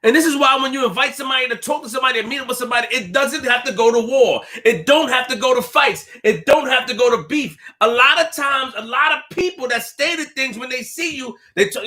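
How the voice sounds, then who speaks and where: Talking casually on a live stream, a young man piles on street slang and repeats himself, swinging from low, quiet comments to loud bursts. He speaks briskly.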